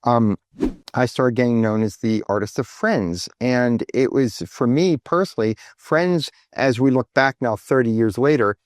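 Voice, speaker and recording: Man, 50s, interview guest; mid-pitched, dry close-miked sound, chatty and halting. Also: no room sound. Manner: animated, acts out quoted speech with lifted pitch; halting, many fillers and restarts. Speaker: guest artist. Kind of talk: casual interview storytelling.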